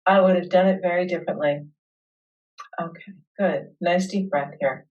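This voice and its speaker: A woman hosting a webinar, leading listeners through a guided tapping session with slow, soothing affirmations. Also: lowish voice, a little mellow, distant mic, dull audio.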